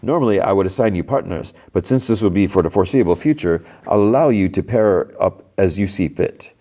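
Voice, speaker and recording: A man's voice: deep voice, lively intonation, brisk, warm tone. A man voicing an upbeat, formal male teacher addressing a class. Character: upbeat middle-aged male science teacher.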